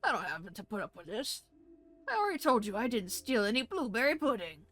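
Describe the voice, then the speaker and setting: A woman's voice: a little high, sing-song, a little fast, a bit bright. A woman voicing a grumpy old male hospital patient who snaps at everyone. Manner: cantankerous, snapping.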